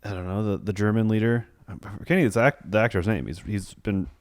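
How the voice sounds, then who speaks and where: A man's voice: fairly low pitch, fast talker, a little hiss or hum. A man co-hosting a casual film podcast, rambling and hesitant as he works through his thoughts. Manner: rambling, hesitant, lots of fillers and restarts. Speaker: podcast co-host. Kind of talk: casual film review chat.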